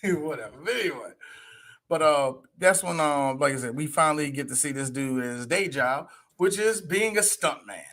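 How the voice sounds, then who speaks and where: A man's voice: fairly high pitch, lively intonation, moderate pace, fairly bright tone. A man co-hosting a podcast in casual, profane banter, with a lot of laughter. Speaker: podcast co-host. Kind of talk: casual chat.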